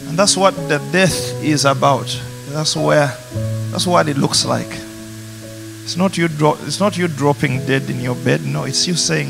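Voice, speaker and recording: A pastor with a Ugandan accent preaching a passionate sermon in a church, rising to emphatic peaks. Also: male voice, a little high, a little slow, creaky. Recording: music playing behind.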